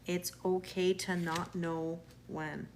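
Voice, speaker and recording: A woman's voice: fairly low pitch, little pitch movement, slow, a little hiss or hum. A woman with a Canadian accent, a tarot reader chatting live with viewers in a reassuring way, often restarting her words. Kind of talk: live-stream chat with viewers.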